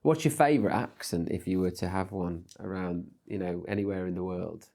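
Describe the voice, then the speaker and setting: A man speaks as a guest on an interview show, his voice sitting fairly low. He talks in a loose, hesitant way, full of fillers and restarts, and often pokes fun at himself. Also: brisk, creaky, dark tone. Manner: hesitant, self-deprecating, many fillers and restarts. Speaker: guest, film director. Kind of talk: casual interview chat.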